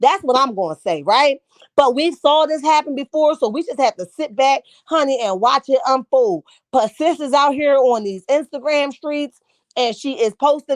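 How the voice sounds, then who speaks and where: A woman runs a casual live chat stream, responding with attitude to the viewer comments she reads out. She sounds high and animated at a moderate pace, on a dry recording.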